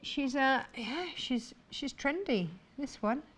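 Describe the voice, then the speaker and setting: A woman's voice: sits high, animated, takes it slowly. Gushing woman presenting products. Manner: enthusiastic, gushing over products. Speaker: shopping channel presenter. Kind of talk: live TV sales presentation. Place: TV studio.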